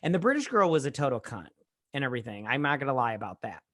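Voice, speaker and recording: Profane, animated woman podcast co-host. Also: rumbling low, fast talker. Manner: profane, animated retelling with acted asides. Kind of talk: casual drunk movie review chat.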